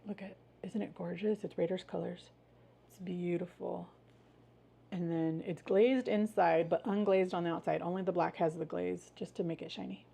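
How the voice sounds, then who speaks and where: A woman's voice: on the low side, steady tone, normal speed, vocal fry, warm tone, husky. A woman hosting a casual live stream, chatting with viewers in an upbeat, friendly way, greeting them by name and cheering them on. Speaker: livestream host.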